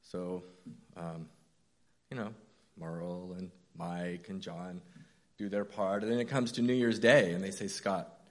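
A man's voice: low voice, fairly even intonation, a little slow, pauses often. A man in his fifties, a church elder, preaching a conversational, story-driven sermon with self-deprecating asides.

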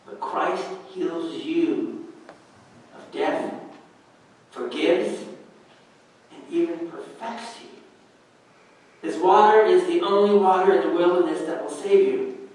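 A man preaching a sermon as pastor, in a measured way with long pauses, heard from a distance in a church. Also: sits high, darkish tone, very echoey, slight background noise.

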